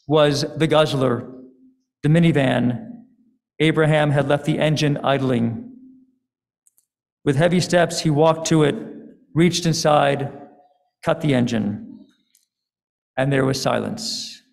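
A man, a rabbi, giving a sermon in a synagogue, telling a story in a deliberate, dramatic way. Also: a little high, creaky. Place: synagogue sanctuary. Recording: long hall reverb.

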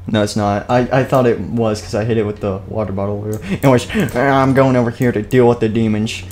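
A man's voice: lowish voice, steady tone, brisk, darkish tone, slight background noise. A young man narrating a game role-play on a live stream, rambling, goofy and often cutting himself off, into a desk microphone. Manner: rambling, self-interrupting, goofy.

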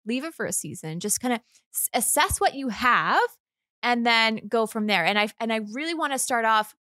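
A woman co-hosting a casual garden podcast, chatty and excitable, with many quick restarts. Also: a little high, no room sound, clean studio sound. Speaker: co-host.

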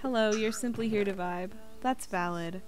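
A woman's voice: medium pitch, moderate pace, soft background music. A woman streaming a game, chatting casually and giggly, thinking aloud as she plays. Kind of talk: casual gaming stream chat.

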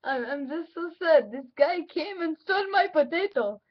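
A high, squeaky-voiced prank caller fake-sobbing over a stolen potato, stammering and barely keeping a straight face, as a woman puts it on. The audio is dull and lo-fi. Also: expressive, moderate pace. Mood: mock grief.

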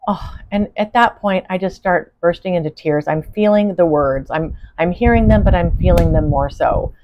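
A woman with a fairly low voice shares a spiritual channeling talk in an earnest, meandering manner. The sound is slightly dull and lo-fi, recorded in a living room. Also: normal speed.

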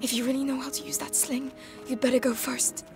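A woman voicing a young teen girl protecting her little brother in a video game, often in urgent hushed whispers. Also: sits high, level tone, a little fast, vocal fry. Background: game music.

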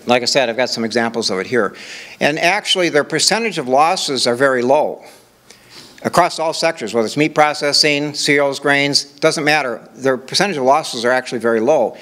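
A man's voice: medium pitch, brisk, fairly bright tone. An older man from Minnesota giving a conversational conference presentation, walking through examples with rhetorical questions. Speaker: conference speaker.

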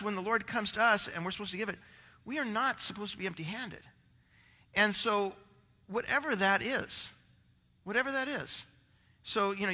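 A man's voice: sits high, sharp tone, long reverb tail. A male pastor preaching a rambling, conversational sermon, out of breath, with many restarts.

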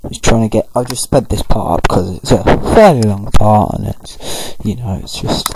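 A man's voice: fairly low pitch, normal speed, few pauses, background noise. Rambling male let's-play narrator. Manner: rambling, loose, full of fillers. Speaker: gaming video host. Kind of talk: casual let's-play commentary.

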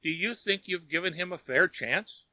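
A reserved older father answers in short, guarded words, as a man reading the story puts him on. The tone is bright and close to the mic, with a dry sound. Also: sits high, moderate pace, dry recording, pitched above the performer's own voice. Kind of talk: audiobook character reading.

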